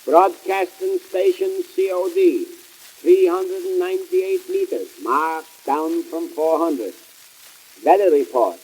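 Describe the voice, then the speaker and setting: A man playing Cohen, a wisecracking immigrant comic businessman, in 1920s vaudeville comedy record style with deadpan punchline patter. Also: fairly high pitch, slow pace, a little hiss or hum, low-quality recording. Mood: announcing.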